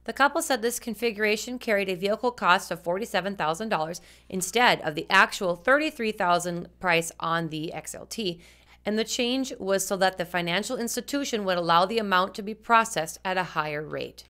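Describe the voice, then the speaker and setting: A woman's voice: medium pitch, fairly quick, sharp tone. Earnest woman co-host. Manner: direct, earnest address to viewers. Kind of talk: scripted news commentary.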